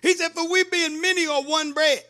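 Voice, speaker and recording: A man delivers a fiery sermon in a very high, bright voice. He reads verses slowly, explains them, then rises to emphatic shouted calls. His tone stays forceful and ringing throughout. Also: steady tone. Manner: emphatic preaching, quoting scripture, rising to shouts. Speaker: pastor.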